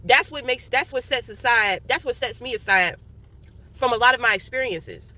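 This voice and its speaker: A woman's voice: a little high, expressive, moderate pace, bright, forceful tone. A young woman talking candidly in a casual monologue. She swears freely, laughs often, and talks while eating. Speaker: vlogger.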